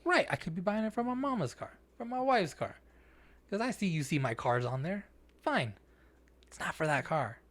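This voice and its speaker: Profane, animated man telling a story. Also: sits high, moderate pace. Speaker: podcast co-host. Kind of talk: casual podcast chat.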